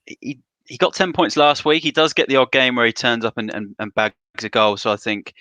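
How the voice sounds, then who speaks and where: A man on a podcast panel, talking in a relaxed way with lots of fillers. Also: medium pitch, fairly quick, clean tone, no echo. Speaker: panel pundit. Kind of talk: casual podcast chat.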